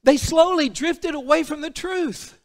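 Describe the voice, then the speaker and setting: A man preaching a sermon, alternating emphatic declarations with hushed, intimate passages. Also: very high-pitched, unhurried. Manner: emphatic, drops to a hushed intimate voice for solemn points.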